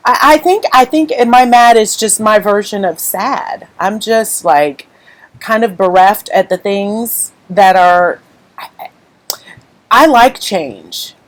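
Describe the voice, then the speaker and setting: A woman's voice: medium pitch, lively intonation, slow, rough recording. A woman hosting a live craft stream, talking candidly and emotionally to viewers in a rambling, unscripted way while holding back tears. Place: at home.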